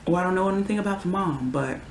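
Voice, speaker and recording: A young adult in their twenties rants heatedly to the camera, exasperated and prone to sudden outbursts. The voice carries a gravelly fry. It sounds roomy and echoey, with a faint hiss underneath. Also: mid-range voice, quick pace. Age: 20s. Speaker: vlogger. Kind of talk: casual ranting vlog. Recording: roomy echo.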